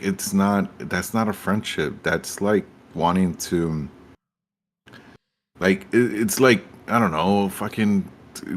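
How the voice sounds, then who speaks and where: A man's voice: sits low, slight background noise. A man hosting a livestream, chatting bluntly and casually, swearing often and rambling through his points. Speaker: livestream host. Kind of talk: casual profane chat.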